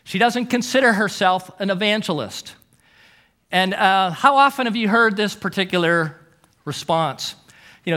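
A middle-aged man preaching a sermon, telling stories with emphatic delivery and dramatic pauses. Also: high voice, pushed and bright.

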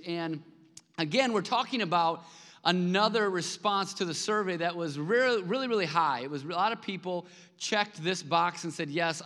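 A man preaches in a conversational, animated style, pushing some lines out loud and dropping others to a hush. His voice is bright and forceful, sitting a little high for a man. The sound carries the long reverb of a church hall. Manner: conversational, animated, swings between loud emphasis and soft storytelling. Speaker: pastor. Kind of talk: sermon. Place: church sanctuary.

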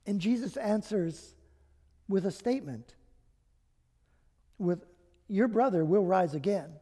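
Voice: mid-range voice, animated, slow pace, warm tone, husky. A pastor preaching a sermon, reading scripture aloud with dramatic emphasis and speaking in a personal, reflective way. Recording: long hall reverb.

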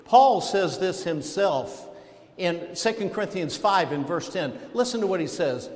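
A man preaching a sermon as pastor, emphatic, with dramatic pauses and sudden outbursts. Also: high voice, animated. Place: church sanctuary. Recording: echoey hall with long reverb.

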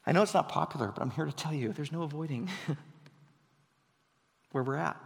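A man's voice: fairly high pitch, moderate pace, gravelly. Preaching man in a reverberant hall. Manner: conversational preaching, rising to emphatic bursts. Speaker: pastor. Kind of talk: sermon.

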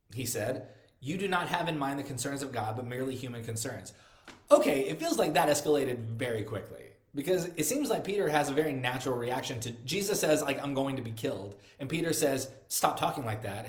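A man preaching a sermon in a conversational way, often restarting and repeating words. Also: mid-range voice. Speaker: pastor. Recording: echoey room.

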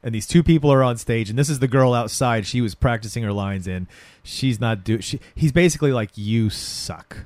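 A man's voice: mid-range voice, fairly quick, no echo. A man in casual chat, recapping a TV episode and acting out the characters' lines along the way. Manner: animated retelling with acted quotes.

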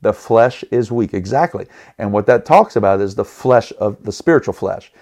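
Male podcast Bible teacher, slightly low voice, earnest and emphatic, stumbles and restarts phrases, talks straight to listeners. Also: expressive, moderate pace, a little mellow. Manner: earnest, emphatic, stops and restarts words often; appeals to listeners with rhetorical questions.

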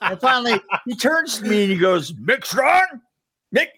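A man's voice: high-pitched, lively intonation, brisk, pushed and bright, husky. A middle-aged man telling a story as a podcast guest, rambling, stumbling over restarts and laughing at himself. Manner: rambling, stammering restarts, self-mocking laughter. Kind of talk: casual storytelling chat.

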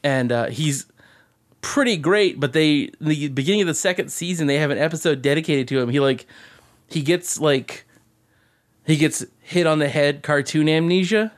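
His voice a little high and his pace moderate, this man co-hosts a podcast, telling meandering stories full of profanity and laughter in a casual conversation.

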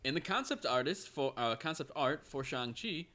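Man, podcast co-host, excitable casual chat, sharp tone, very lively pitch. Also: normal speed. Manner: animated, excitable.

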